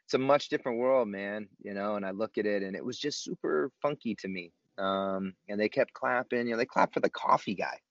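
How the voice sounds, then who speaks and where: Deep-voiced man telling a story, laid-back. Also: brisk, vocal fry, hardly any pauses, no echo, lo-fi sound. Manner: laid-back, slangy, self-mocking humor. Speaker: guest telling his recovery story. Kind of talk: casual storytelling chat.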